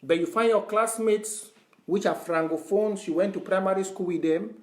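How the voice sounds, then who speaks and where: A man's voice: high-pitched, moderate pace, darkish tone. A man from Southern Cameroons, speaking to followers as an online activist in a fervent, lecturing, repetitive way. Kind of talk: impassioned address to followers. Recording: roomy echo.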